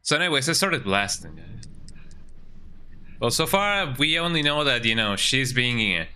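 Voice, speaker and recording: A man's voice: medium pitch, sing-song, moderate pace, sharp tone, clean tone. A man streaming a horror game, joking and chatting casually as he plays and often tagging his lines with "eh?". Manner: playful, jokey, keeps tagging lines with "eh?". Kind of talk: casual gameplay commentary.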